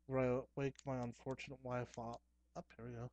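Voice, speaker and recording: A young man talking casually to camera at home, chatty and excitable, with playful asides. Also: mid-range voice, quick pace. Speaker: horror movie vlogger. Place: dim room at home.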